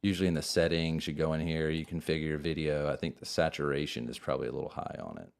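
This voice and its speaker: Guy with a really low voice, laid-back podcast host talking in a studio. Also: quick pace, creaky. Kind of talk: casual chat.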